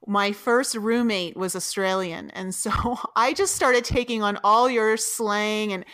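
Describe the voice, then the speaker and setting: A woman podcast co-host, introducing a guest in an upbeat, brisk way and chatting. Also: mid-range voice, a bit bright, no room sound, clean studio sound.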